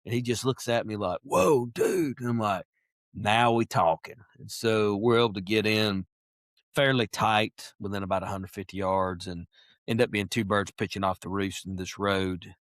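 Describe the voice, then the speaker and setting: Animated male storyteller, low voice. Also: normal speed, no echo, clean studio sound. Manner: animated storyteller who acts out voices, clears throat often. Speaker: podcast guest, wildlife biologist. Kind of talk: casual storytelling.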